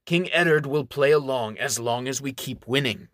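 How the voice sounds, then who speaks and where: A man's voice: medium pitch, moderate pace, fairly bright tone, no room sound, clean studio sound, close to an everyday voice. A man reading the part of a smug, scheming baron who lectures and monologues about his plans. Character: scheming gloating ambitious male baron, middle-aged. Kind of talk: audiobook character reading.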